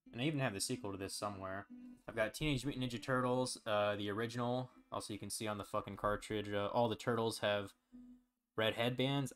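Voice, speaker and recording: A man with a fairly low voice talks casually to his stream, rambling and relaxed, filling gaps with "um" and "like" and swearing now and then. Soft music plays faintly behind him. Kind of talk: casual chat.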